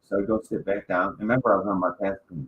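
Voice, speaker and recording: A man's voice: low-pitched, quick pace, dull audio, a little hiss or hum. A man from Michigan hosting a casual podcast, telling rambling, profanity-filled stories. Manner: profane, rambling, animated storytelling. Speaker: podcast host. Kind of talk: casual storytelling chat.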